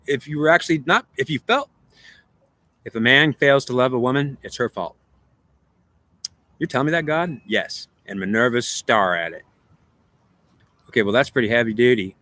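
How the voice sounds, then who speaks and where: A man's voice: medium pitch, fast, pushed and bright, dry recording. A man giving a rambling spiritual monologue, repeating himself and arguing with himself in questions and answers. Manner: repetitive, circling back on his own points. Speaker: spiritual speaker.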